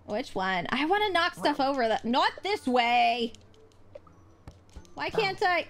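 A young woman streams a game live in a high, playful voice. She speaks at an unhurried pace and lets out squealing exclamations. Game music plays clearly behind her. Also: sing-song. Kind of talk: live let's play commentary.

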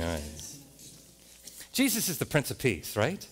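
A man with an American accent preaching a sermon as a pastor in a church, animated, often rising to loud exclamations and playful rhymes. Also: mid-range voice, unhurried, noisy background. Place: church sanctuary.

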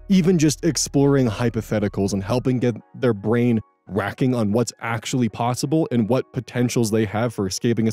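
A man's voice: mid-range voice, mellow, no echo. A man hosting a channel where he reads out Reddit posts and adds earnest, reflective commentary. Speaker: host reading Reddit posts. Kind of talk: narrating and commenting on Reddit stories.

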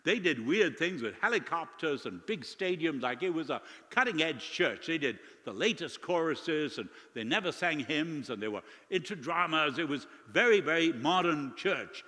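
A man's voice: a little high, animated, normal speed, hardly any pauses, sharp tone. A male guest preacher telling stories in a sermon, acting out dialogue in a church with a long echo. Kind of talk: sermon storytelling. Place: church sanctuary. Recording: long church hall reverb.

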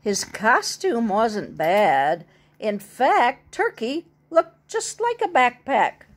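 A woman reading a picture book aloud to a small child, stopping for gentle chatty asides. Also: fairly high pitch, sing-song, slow.

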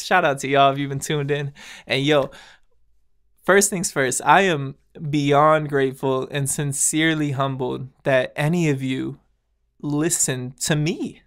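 Solo podcast host, man, smooth clear voice, earnest and slangy, chuckles between thoughts. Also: on the high side, a bit bright. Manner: earnest, laughs often, slangy asides to listeners. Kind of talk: casual spiritual monologue.

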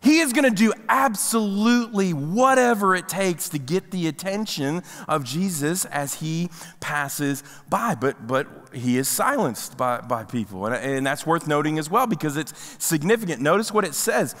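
A man preaches from the pulpit with a high, bright, forceful voice. He is animated and slips into the voices of people in the story as he tells it. The sound carries the long reverb of a church sanctuary. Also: normal speed, hardly any pauses. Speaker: pastor. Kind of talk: sermon.

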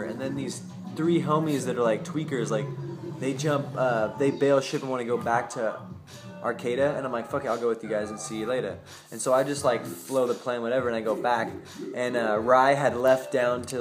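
Rambling, slangy young man with music behind. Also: mid-range voice. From Boise, Idaho. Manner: slangy and profane, loose run-on sentences. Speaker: vlogger telling a personal story. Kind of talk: rambling casual storytelling.

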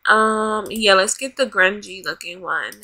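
A woman's voice: mid-range voice, unhurried, pushed and bright. A woman hosting a life-sim let's play, giving dramatic commentary as she bosses and scolds the game characters. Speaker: gaming channel host. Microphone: desk USB microphone.

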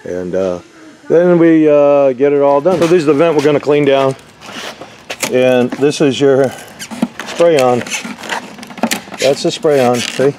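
A man's voice: mid-range voice, unhurried, long pauses, background noise. A man giving a casual, rambling job-site walkthrough of an RV roof repair, with lots of fillers. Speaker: RV roof installer.

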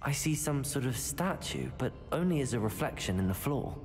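A man's voice: mid-range voice, animated, normal speed, faint music behind, lightly acted. An actor playing a young male wizard student in a video game, earnest, observant and polite. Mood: curious. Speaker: student player character.

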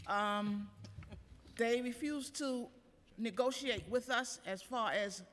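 Woman union leader, bright, emphatic testimony, reverberant chamber. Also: fairly high pitch, slow pace, slight background noise. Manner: earnest, emphatic, reads prepared points. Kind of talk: public hearing testimony. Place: council chambers at city hall. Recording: council chamber, long reverb.

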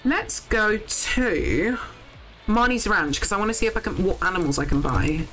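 A young woman streaming a farming game, chatting casually to viewers, excitable and swearing freely. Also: mid-range voice, normal speed, faint music behind, rough recording. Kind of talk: casual live game commentary.

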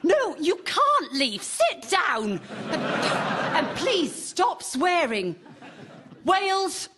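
Guy doing a fed-up woman prime minister telling everyone off like a teacher, lively pitch, noisy radio. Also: very slow, full character voice. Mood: exasperated scolding. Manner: scolding, exasperated. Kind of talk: stand-up comedy impression. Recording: noisy live radio recording.

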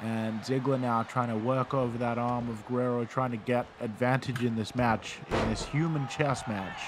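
A man's voice: mid-range voice, steady tone, moderate pace, noisy background. A man doing casual play-by-play commentary on a wrestling video game, rambling with fillers and restarts.

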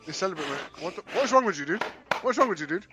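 A man streaming a virtual reality game, bantering loudly and swearing as he teases the people he meets. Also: sits high, animated, very fast, music in the background. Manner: loud joking, swearing, teasing. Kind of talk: casual gaming banter.

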